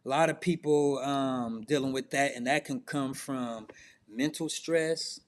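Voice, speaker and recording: A man's voice: mid-range voice, measured pace, a little hiss or hum. A middle-aged man coaching in a loose, conversational way, firing off questions to the listener. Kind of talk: casual self-improvement talk.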